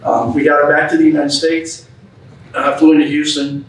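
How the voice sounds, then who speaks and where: Fairly high in pitch and fairly flat in melody, the man speaks at a normal speed. As a guest speaker at a club, recorded distantly in an echoey room, he tells a folksy, plain story and plays out the quoted lines.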